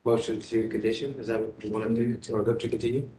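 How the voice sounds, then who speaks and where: A man's voice: level tone, fast talker, dark tone. A man chairing a commission meeting, brief and procedural as he calls motions and votes. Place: council chamber. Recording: echoey chamber, faint rumble.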